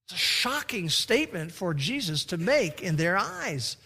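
A pastor preaching a sermon, swinging between loud emphatic stretches and hushed, slow emphasis. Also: male voice, high-pitched, big pitch swings, gravelly, husky. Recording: long reverb of a large hall.

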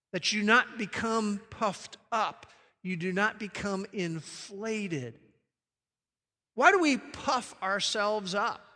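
Male pastor, emphatic sermon delivery, bright ringing tone, long hall reverb. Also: high-pitched. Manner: emphatic, varies pace, engages congregation with questions. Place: church sanctuary.

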